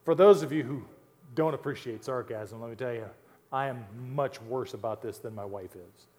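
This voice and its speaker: A married man preaching a sermon as pastor, folksy and animated, mimicking complaining crowds and dropping joking asides. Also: medium pitch, normal speed. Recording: long hall reverb.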